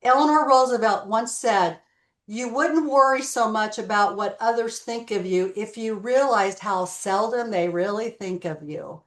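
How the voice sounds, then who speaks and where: Animated storytelling woman, echoey room. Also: fairly high pitch, a little slow. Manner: animated storyteller, acts out dialogue. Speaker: guest, real estate broker. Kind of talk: storytelling interview.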